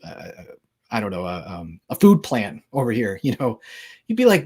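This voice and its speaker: A man with a slightly husky, breathy voice talks through passages of scripture in an informal teaching style. He reads verses aloud, then explains them in loose, conversational speech full of fillers and asides. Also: medium pitch, sing-song, moderate pace, darkish tone. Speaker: Bible teacher. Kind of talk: casual talk on the Gospels.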